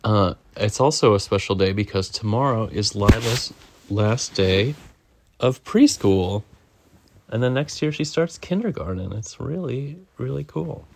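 Gravelly, low-voiced mom reading aloud. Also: female voice, slight background noise. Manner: animated, slow storybook reading with big voice jumps. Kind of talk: reading a picture book with a child.

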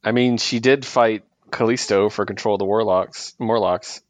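A man's voice: fairly low pitch, steady tone, moderate pace, no room sound. Laughing man recapping comics. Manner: laughs often, acts out quoted characters. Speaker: podcast co-host. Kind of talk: casual comic book discussion.

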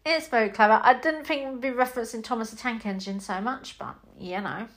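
A woman's voice: a little high, fairly quick, a bit bright. A woman with a British accent giving a chatty, rambling film review, full of fillers and acted-out reactions. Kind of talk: casual spoken film review.

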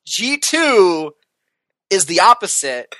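Bright, dry-sounding playful podcast co-host. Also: mid-range voice, very animated, slow, no echo. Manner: playful, jokey. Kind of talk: casual esports betting chat.

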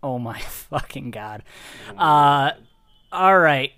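A man running a tabletop game. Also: mid-range voice. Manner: energetic, laughing, rapid explanations. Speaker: game master.

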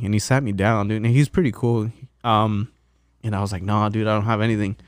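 A man's voice: on the low side, fairly even intonation, fairly quick, clear, resonant tone, no echo. A man on a casual podcast, telling a long work story with lots of swearing and restarts. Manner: rambling storyteller, swears a lot, restarts often. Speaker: podcast co-host. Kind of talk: casual chat.

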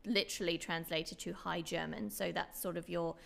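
A woman with a Queensland Australian accent, chatting easily on a podcast she co-hosts. Her voice sits a little low with a gravelly fry, and she laughs often between thoughts. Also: steady tone, normal speed. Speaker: podcast co-host. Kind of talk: casual podcast chat.

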